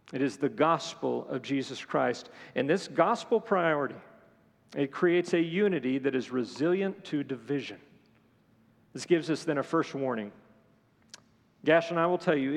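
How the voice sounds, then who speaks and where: A man delivers a sermon from a church, his voice pitched a little high and ringing with a long hall reverb. He preaches earnestly, weaving scripture with personal stories told to the congregation. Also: gravelly. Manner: earnest preaching with storytelling asides. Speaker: pastor.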